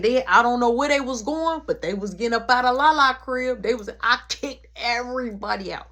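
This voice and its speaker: A woman telling a long personal story in a casual, animated way, full of slang and punchy sound words. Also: on the high side, a little fast, hardly any pauses.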